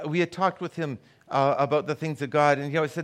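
A man's voice: a little high, normal speed. A middle-aged man preaching a sermon as a guest pastor, telling stories and acting out the people he quotes. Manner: storytelling, acts out the voices of people he quotes.

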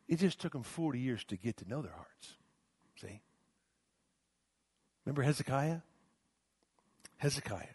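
A man's voice: fairly high pitch, darkish tone, slightly rough, dry recording. A middle-aged male pastor preaching a sermon, swinging from emphatic rises to near-whispers, often restarting his words. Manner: repeats words and restarts mid-phrase.

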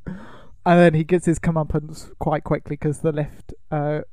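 A man's voice: fairly high pitch, little pitch movement, a little slow, a little mellow, no echo, clean studio sound. A man co-hosting a podcast, retelling a film's plot in casual chat with jokes and laughs. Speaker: podcast co-host.

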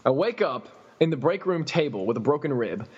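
This man's voice is husky, brisk and on the high side. A podcast storyteller, he casually retells a story, laughing, swearing and animatedly acting out the people in it, on a dull recording with long reverb.

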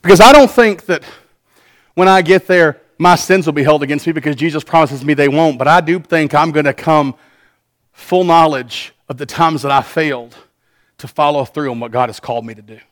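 A man preaching a sermon as pastor, earnest, swinging between soft passages and loud ones. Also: fairly high pitch, moderate pace.

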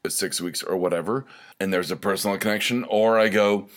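A young man with a deep, low voice hosts a solo podcast in a loose, casual monologue. He rambles, restarts sentences and pokes fun at himself, with plenty of fillers along the way. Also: a little fast. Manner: rambling and self-deprecating, many fillers and restarts. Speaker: podcast host.

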